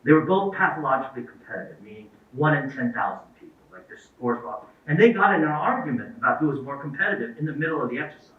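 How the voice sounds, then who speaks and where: A man's voice: mid-range voice, expressive, quick pace, hardly any pauses. A middle-aged man giving a talk to parents, telling anecdotes and acting out the dialogue in them. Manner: storytelling, acts out quoted dialogue. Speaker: guest speaker. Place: event hall. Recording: echoey, distant, phone-like lo-fi sound.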